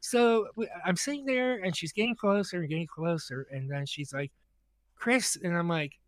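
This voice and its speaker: Man, high voice, animated storyteller, stammers and restarts, dry close sound. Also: brisk, dry recording. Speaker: podcast co-host telling a story. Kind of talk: casual storytelling chat.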